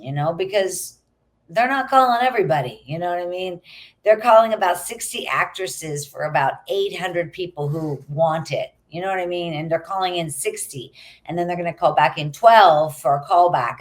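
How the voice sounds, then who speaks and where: A middle-aged actress chatting as a guest in an interview, telling stories in an animated way. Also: female voice, deep voice. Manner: chatty, animated storytelling with quoted asides. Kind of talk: casual interview chat.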